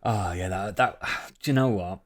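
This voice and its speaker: A man's voice: sits low, moderate pace. A man co-hosting a casual podcast chat, laughing often, swearing and trailing off mid-sentence. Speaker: podcast co-host.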